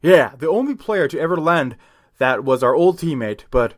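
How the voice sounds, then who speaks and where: A man voicing an excited young male basketball player, talking in a halting way. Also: a little high, natural voice.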